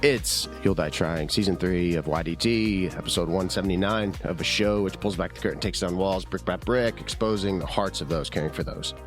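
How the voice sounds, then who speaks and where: A man's voice: low voice, brisk, hardly any pauses, soft background music. A man hosting his own podcast, talking in a rambling, chatty, self-deprecating way while his throat is sore from the flu. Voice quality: husky from illness. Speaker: podcast host. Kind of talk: casual solo podcast monologue.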